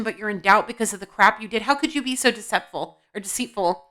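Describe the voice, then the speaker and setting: A woman's voice: mid-range voice, fast talker, pushed and bright. Blunt, scolding woman doing spiritual readings. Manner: blunt, scolding, talks back to spirit guides. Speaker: intuitive reader. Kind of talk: tarot-style spiritual reading to camera. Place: home, indoors.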